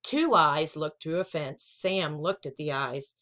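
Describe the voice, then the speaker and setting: A woman's voice: low-pitched, unhurried, a bit bright. A woman hosting a children's storytime, reading a picture book aloud.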